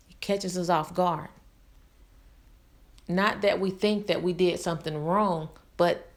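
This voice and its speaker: Earnest woman vlogger talking candidly. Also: fairly low pitch. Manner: earnest, repetitive emphasis. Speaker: channel host. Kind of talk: personal vlog talk.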